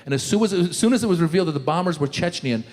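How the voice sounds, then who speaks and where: A man performing a stand-up comedy routine in a punchy, animated way, in a live show. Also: on the high side, racing. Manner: punchy, animated, acts out characters in funny voices. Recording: live show in a large hall with audience.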